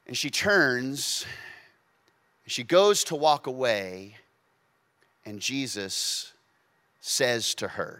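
A man preaching a sermon who swings between hushed, intimate moments and loud, emphatic stretches, acting out quotes with playful asides. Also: medium pitch, drawn-out words, long pauses. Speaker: pastor.

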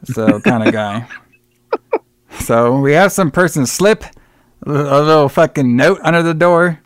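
A man's voice: on the high side, unhurried, dry recording. Guy cohosting a movie podcast, swears a ton, does goofy voices for characters, dry close sound. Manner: profane, rambling retelling with mocking quoted voices. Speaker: podcast co-host. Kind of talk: casual film review chat.

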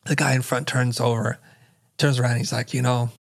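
A middle-aged man, a guest on an interview show, spins a lively story at a medium pitch. He slips into the voices of the people he quotes to act out the scene. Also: normal speed, creaky. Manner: vivid storyteller who acts out quoted dialogue. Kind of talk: animated storytelling in conversation.

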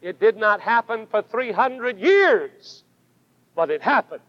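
A man preaching a sermon with fervent emphasis, his voice swelling on key words and dropping to a hush. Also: high-pitched, big pitch swings, takes it slowly, no echo. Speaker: pastor. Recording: dull lo-fi sermon recording.

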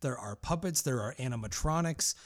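A man hosting a casual chat, excitable, swearing often and restarting his sentences. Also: medium pitch, brisk. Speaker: podcast host.

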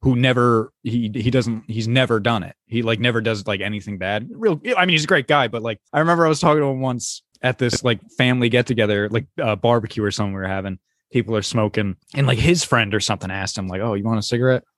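Rambling, sarcastic podcast co-host. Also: male voice, mid-range voice, quick pace, few pauses, a bit bright, no room sound, studio quality. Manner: rambling, sarcastic, heavy filler 'like'. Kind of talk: casual chat.

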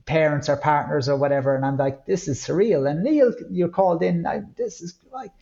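A man's voice: a little high, fairly quick, creaky, muffled recording. Irish man telling a personal story. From Ireland. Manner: candid, reflective, with lively acted-out quotes. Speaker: guest.

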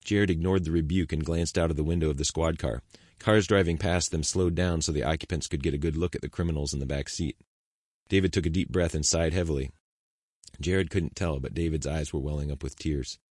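Brief: very low male narrator, dry close studio read, measured pace. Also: fairly even intonation, a little mellow, no room sound. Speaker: audiobook narrator. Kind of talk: scripted narration.

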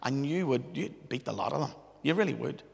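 A man's voice: mid-range voice, lively intonation, fairly quick, vocal fry, husky. A man preaching a sermon, telling stories in a chatty way and tagging his lines with "right?". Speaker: pastor. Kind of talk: storytelling sermon. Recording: long hall reverb.

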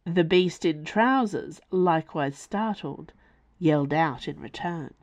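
A woman narrating her own novel in a wry, expressive storytelling manner. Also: sits low, slow pace, no room sound. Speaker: author and narrator. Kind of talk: audiobook narration.

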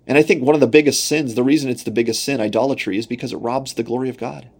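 A man preaching a sermon earnestly, asking repeated rhetorical questions and rising in pitch when voicing God's words. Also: steady tone, rapid-fire, darkish tone, breathy edge. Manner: earnest, repetitive rhetorical questions, rises when quoting God.

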